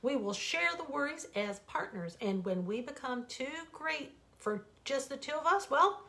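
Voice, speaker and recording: Expressive woman reading a bedtime story. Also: high voice, a little slow. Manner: expressive, dramatic, warmly animated. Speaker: author reading her own stories.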